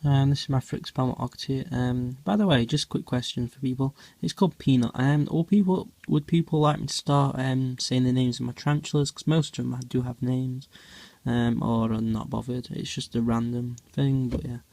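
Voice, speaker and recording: A man chats loosely through a home vlog, filling gaps with ums and hesitations. His mid-pitched voice carries a gravelly fry, and he goes hushed whenever he leans in close. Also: steady tone, normal speed, hardly any pauses, no room sound. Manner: rambling, many ums, talks quietly near the animals. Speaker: tarantula keeper filming feedings. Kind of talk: casual off-the-cuff vlog narration.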